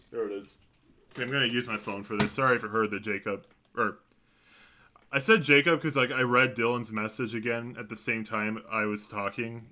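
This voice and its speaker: A young man with a lowish, sharp-toned voice gives casual livestream commentary while playing a video game at a computer in his home. He rambles and corrects himself constantly as he talks to viewers. His desk mic carries a little hiss or hum.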